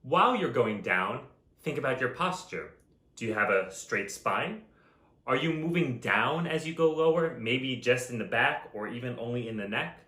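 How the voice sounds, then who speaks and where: A man teaching a voice lesson in a calm, instructive way, with chanted vocal examples. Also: medium pitch, moderate pace, echoey room. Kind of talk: vocal lesson with sung demonstrations.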